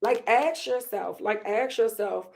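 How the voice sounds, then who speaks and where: A woman's voice: fairly high pitch, creaky, darkish tone. A woman hosting a casual, reflective monologue, emotional and repeating herself, with frequent laughs. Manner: conversational, slow, emotional, laughs often, repeats phrases. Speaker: podcast host.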